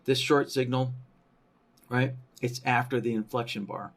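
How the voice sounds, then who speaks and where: A man walks viewers through trading software at an unhurried pace, thinking aloud as he goes. His voice sits at a middle pitch, and he keeps checking in with a habitual "right?". His explanations are padded with "you know" and "um". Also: fairly even intonation. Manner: thinking aloud, frequent tag question "right?"; many fillers like "you know" and "um". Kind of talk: screen-recorded software tutorial.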